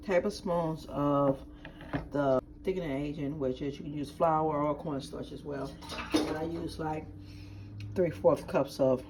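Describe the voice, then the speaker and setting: The recording is very noisy, with pots and dishes clattering as a low-pitched woman talks casually through her cooking at home. She's a regular cooking vlogger, chatty and guiding viewers through every step in her home kitchen.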